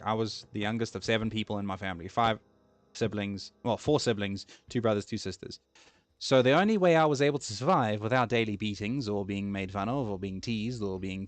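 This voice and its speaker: A man's voice: on the low side, dry recording. A young man chatting casually while playing a game, rambling and easily distracted, self-deprecating. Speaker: gaming streamer.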